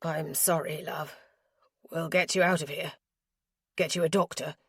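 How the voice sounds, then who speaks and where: A woman narrator voicing a protective aristocratic gentleman with a firm, persuasive manner. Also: sits low, fairly even intonation, measured pace, creaky, slightly rough, no room sound, clean studio sound, full character voice. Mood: tender.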